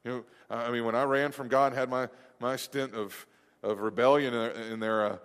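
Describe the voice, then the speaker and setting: A man's voice: mid-range voice, fairly even intonation, brisk, clear, resonant tone, long reverb tail. A man preaching a sermon as pastor, in a conversational, rambling way with many restarts and asides.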